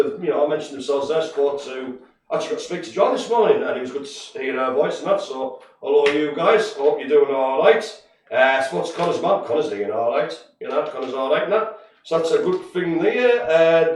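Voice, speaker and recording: Brief: man, co-host, jokey and rambling, slightly high voice, distant mic in an echoey room, faint noise. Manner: chatty and jokey, many fillers. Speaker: co-host giving shout-outs. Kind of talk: casual live-stream chat.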